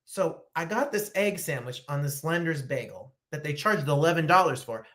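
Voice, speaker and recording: Animated New Jersey woman chatting casually. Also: low-pitched, moderate pace. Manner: animated, chatty, rambling storytelling. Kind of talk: casual chat while eating on camera.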